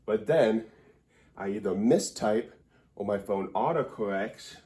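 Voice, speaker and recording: A man's voice: on the low side, lively intonation, unhurried, warm tone. A man giving a comedic grammar lesson at a whiteboard indoors, rambling and wry in a mock-serious way.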